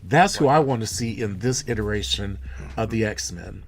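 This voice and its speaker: A man's voice: on the low side, expressive, normal speed. A man co-hosting a casual live stream about movies, rambling and restarting his sentences. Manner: rambling, restarts often, laughs at himself. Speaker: co-host.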